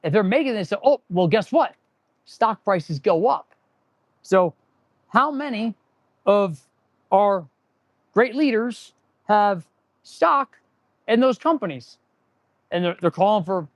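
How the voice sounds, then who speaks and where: Speaking slowly with lively intonation and frequent pauses, a man with a high voice hosts a casual live stream from the repair shop he runs. The recording is dry and lo-fi. He rambles, rants sarcastically, restarts sentences a lot, and works his tools as he talks.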